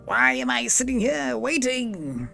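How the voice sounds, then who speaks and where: A tiny goblin queen on her throne, put on by a man reading a game aloud, speaking in a high, shrill voice full of grit and fry. She talks slowly and with scorn, as if the listener is beneath her. Faint music plays underneath. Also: very animated, pushed and bright, exaggerated voice. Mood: haughty. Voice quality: shrill, gravelly. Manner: imperious, contemptuous. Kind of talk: video game dialogue read aloud.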